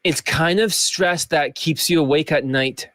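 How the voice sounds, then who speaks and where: A man's voice: a little high, measured pace, a bit bright, dry recording. A man coach talking in a rambling, joking vlog rant. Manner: rambling, joking, slips into mock accents.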